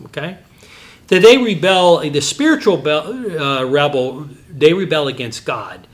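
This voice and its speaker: Middle-aged guy teaching, rambly stories, voice jumps way up when he gets worked up. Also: measured pace. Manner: animated, digressive storytelling with sudden pitch jumps. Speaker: Christian apologetics teacher. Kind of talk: teaching talk with personal stories.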